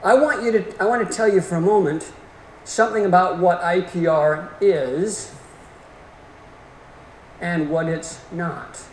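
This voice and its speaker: A man's voice: sits high, a little slow, pauses often, darkish tone. A middle-aged man giving a continuing-education lecture, folksy and emphatic in manner. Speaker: orthodontic lecturer. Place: lecture hall. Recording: echoey hall with faint room noise.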